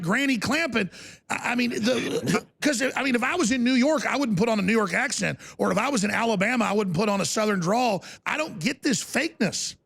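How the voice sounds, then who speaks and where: A man's voice: high voice, lively intonation, gravelly, a bit bright, breathy edge. A man hosting a political talk show, talking in an emphatic, incredulous way. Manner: emphatic, incredulous, fast-shifting delivery.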